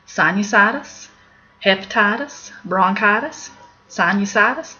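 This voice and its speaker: On a slightly dull lo-fi recording with faint background noise, a middle-aged woman with an Appalachian accent from the United States teaches medical terms in a casual lesson. Her mid-range voice is expressive, pushed and bright, at normal speed. She's candid and chatty, and she laughs at her own jokes.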